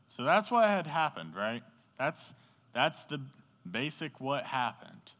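Slow-talking man preaching in a hall. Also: fairly high pitch, very animated, a bit bright. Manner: conversational storytelling with slang and audience questions. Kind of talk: casual sermon. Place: indoor hall beside a sports field, rain outside. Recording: echoey hall.

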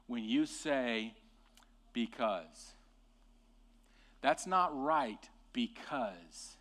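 A man preaching a sermon with passion, rising to loud emphatic peaks and dropping to quiet, deliberate lines. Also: fairly high pitch. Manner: impassioned, swings from hushed to loud and emphatic.

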